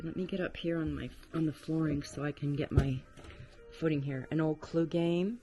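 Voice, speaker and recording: A woman vlogger narrating as she explores an abandoned farmhouse attic, chatty and exclaiming at creaking floors, recorded on a handheld camera. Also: low voice, steady tone, moderate pace, mellow, soft background music.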